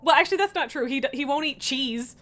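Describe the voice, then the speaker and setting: A woman's voice: high-pitched, quick pace, a bit bright. A woman streaming live, chatting casually and cooing in baby talk at her pet between laughs.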